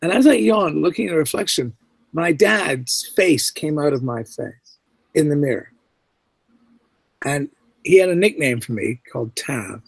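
A man's voice: fairly high pitch, unhurried, vocal fry, pauses often, breathy edge, no room sound. A middle-aged man, a guest actor, telling anecdotes in an interview and acting out the voices he quotes. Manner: animated storyteller who acts out quoted voices.

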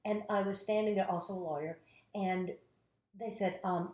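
Animated actress telling stories, roomy sound. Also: female voice, fairly low pitch, unhurried. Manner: animated storyteller, acts out quotes. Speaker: actress, interview guest. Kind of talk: casual interview storytelling.

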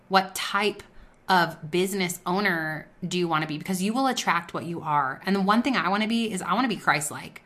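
A woman's voice: fairly low pitch, a bit bright. A woman hosting a faith-based business talk, speaking earnestly and conversationally and sharing personal stories. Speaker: podcast host.

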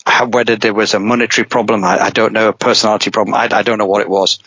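A middle-aged man, a rally driver, telling a long anecdote in casual talk, lively and rambling, with many restarts. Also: fairly low pitch, racing, slightly rough, dry recording. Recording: dull, dry podcast audio.

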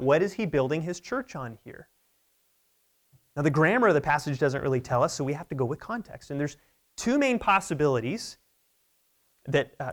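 Emphatic preaching man, higher voice. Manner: emphatic, conversational preaching with frequent "right?". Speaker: pastor. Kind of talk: sermon. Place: church sanctuary pulpit.

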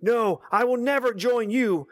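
A man's voice: very high voice, a little slow, voice pushed up. A man reading the lines of a tired, defiant young male hero from a storybook. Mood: strained. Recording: long hall reverb.

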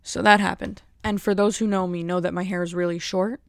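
A woman's voice: lowish voice, level tone, fairly quick, vocal fry, hardly any pauses, no echo, clean studio sound. A woman chatting casually to her viewers, rambling and joking at her own expense. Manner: rambling, jokey, self-mocking. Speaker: vlogger. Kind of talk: casual chat to camera.

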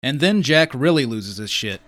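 A man's voice: medium pitch, expressive, normal speed, very noisy. A man hosting a podcast, narrating in a breezy, scripted way and introducing guests. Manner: breezy, conversational. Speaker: podcast host.

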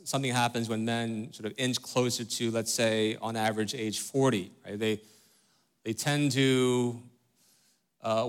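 A man's voice: mid-range voice, clear, resonant tone. A middle-aged man preaching a sermon as pastor, conversational and earnest, often checking in with "right?" and "okay?". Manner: conversational, many fillers and tag questions like "right?" and "okay?"; direct and earnest with the congregation.

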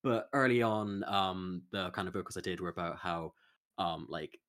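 A man's voice: low voice, moderate pace, a bit bright. A man chatting as a podcast guest, rambling along with lots of fillers. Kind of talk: casual chat.

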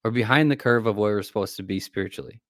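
A man co-hosting a podcast, rambling in a halting way with lots of fillers about faith. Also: lowish voice, fairly bright tone, dry recording, studio quality. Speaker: podcast co-host. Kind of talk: casual faith talk.

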